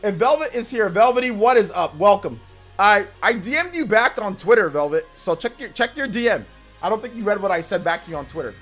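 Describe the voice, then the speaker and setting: A man hosting a casual gaming live stream, excitable, repeating himself and laughing at himself as he talks. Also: high voice, a little fast, faint music behind.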